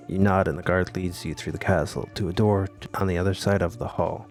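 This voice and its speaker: A man reading a text adventure game aloud and adding wry, deadpan comments between lines. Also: deep voice, fairly quick, few pauses, faint music behind. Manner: wry, deadpan asides with laughs. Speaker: gamer playing a text adventure.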